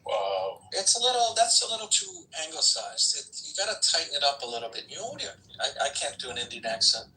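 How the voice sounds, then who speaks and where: A man in an online debate, conceding a point calmly and matter-of-factly. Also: medium pitch, distant mic, poor audio. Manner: conciliatory, quick to concede. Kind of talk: casual debate chat.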